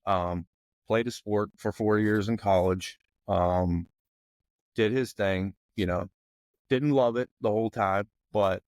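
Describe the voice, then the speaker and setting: A man's voice: fairly low pitch, fairly even intonation, slow pace, no room sound. A man in his forties from the McKeesport area in Pennsylvania, a guest on a podcast, talking casually and rambling with many "you know what I mean" fillers. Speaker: podcast guest, former football player.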